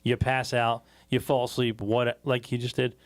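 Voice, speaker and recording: A man co-hosting a podcast in casual chat, telling a story in a profane, animated way and acting out the quotes. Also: medium pitch, moderate pace. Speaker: podcast co-host.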